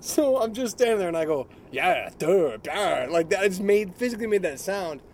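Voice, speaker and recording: Animated storytelling man. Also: sits high, fast, slight background noise. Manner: animated storyteller, mimics voices, laughs often. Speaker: podcast co-host. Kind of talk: casual chat.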